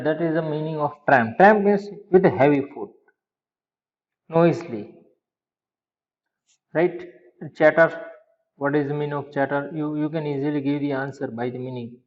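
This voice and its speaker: A male teacher explaining a children's story, often asking the class a question and then answering it himself. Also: medium pitch. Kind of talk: explaining a school story to young pupils. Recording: echoey room, dull lo-fi sound.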